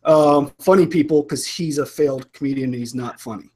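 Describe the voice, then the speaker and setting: A man's voice: fairly high pitch, fairly quick, mellow. A man co-hosting a podcast, joking profanely in casual banter and laughing easily. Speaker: podcast co-host.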